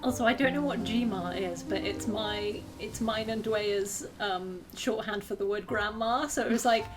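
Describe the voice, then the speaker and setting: A woman's voice: mid-range voice, measured pace, music in the background. A woman co-hosting a charity game stream, chatting casually with playful jokes. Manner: playful, jokey asides. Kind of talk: casual let's-play chat.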